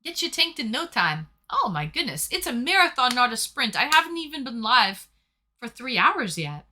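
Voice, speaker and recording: A woman's voice: a little high, very animated, normal speed, pushed and bright. A young woman hosting a casual live stream from home, reading chat messages aloud in a chatty, playful way. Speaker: livestream host reading chat.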